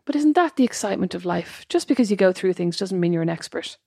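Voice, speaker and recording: A young woman co-hosts a relaxed chat, rattling along at a brisk pace. She tells stories about herself with a self-mocking humor. Her voice is close and dry, with no room sound. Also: medium pitch, vocal fry, breathy edge, dry recording. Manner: chatty, self-mocking storyteller. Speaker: podcast co-host. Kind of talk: casual chat.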